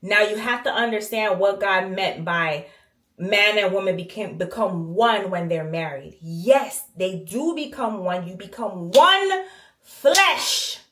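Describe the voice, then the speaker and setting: A woman telling a personal story casually to camera while cleaning her bathroom, animated and slangy, acting out the voices of the people in it. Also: mid-range voice, measured pace. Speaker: vlogger. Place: home bathroom. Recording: echoey bathroom.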